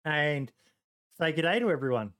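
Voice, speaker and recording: Casual Aussie male host, smooth tone, stop-start delivery full of fillers. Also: a little high, lively intonation, normal speed, a bit bright. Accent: Australian. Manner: hesitant, lots of ums, joking. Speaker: podcast host. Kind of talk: casual podcast chat.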